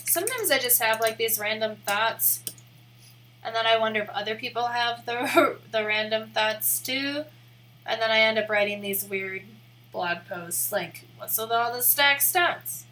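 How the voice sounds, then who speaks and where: A bright-voiced woman with an American Midwest accent and fairly high pitch chats unhurriedly on a casual livestream while working on screen. She's rambling and self-deprecating, and the rough recording carries a little hiss or hum.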